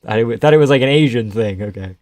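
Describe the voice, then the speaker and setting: Young male streamer from Canada, rowdy live fight reactions, mid-pitched voice, dry close sound. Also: fast talker, no echo. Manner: excitable, swearing, laughing, chatting with viewers. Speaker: livestream host.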